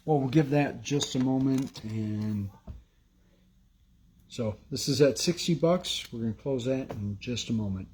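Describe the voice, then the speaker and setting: Man briskly running a live auction. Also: mid-range voice, darkish tone, slight background noise. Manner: brisk, calls lots and closes bids. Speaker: auction host. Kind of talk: live online auction chat.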